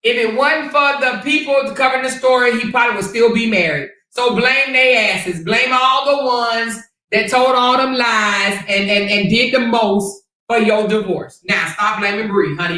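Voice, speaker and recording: A sassy woman hosts a livestream in casual, blunt talk full of swearing. Her voice is bright and a little high. She sits back from the mic in an echoey room. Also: normal speed, few pauses, distant mic. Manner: sassy, blunt, swears freely, calls listeners honey and child. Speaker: livestream host.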